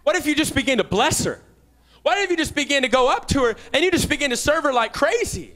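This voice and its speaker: A young man giving a fervent sermon as a guest preacher, rising to shouts and dropping into quick asides. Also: very high voice, expressive.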